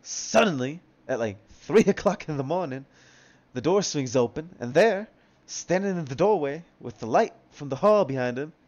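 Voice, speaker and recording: A man's voice: a little high, lively intonation, moderate pace, a little mellow, lo-fi sound. A young man reading a comic with friends, making chatty, laughing comments. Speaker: co-reader. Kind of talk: casual reading aloud with friends.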